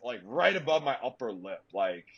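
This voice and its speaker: Lively young man, animated podcast storytelling. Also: moderate pace, gravelly, dull audio, a crowd in the background. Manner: animated storyteller, leaps way up in pitch for quoted shrieks. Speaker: podcast host. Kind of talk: casual chat.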